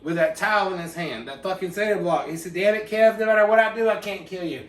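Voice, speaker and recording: A man telling a rambling, profane mock biography in a deadpan, mock-serious way. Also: high-pitched, fast talker. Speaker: comedic storyteller. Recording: echoey room, mic far off.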